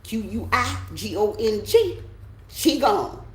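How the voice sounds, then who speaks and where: A woman's voice: on the high side, big pitch swings, takes it slowly, reverberant, poor audio. A middle-aged American woman giving a blunt, emphatic spiritual pep talk as a tarot reader, often checking in with her listeners.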